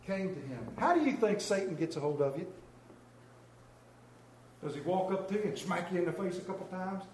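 A man's voice: sits high, darkish tone, slight background noise. A man preaching a sermon as pastor, telling folksy stories and joking about himself. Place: church. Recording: echoey church room.

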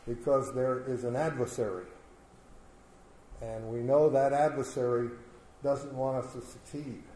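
A man's voice: medium pitch, warm tone, slight background noise, rough recording. A man speaking in church, telling a story in a plain, folksy way with small fillers. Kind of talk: sermon with storytelling.

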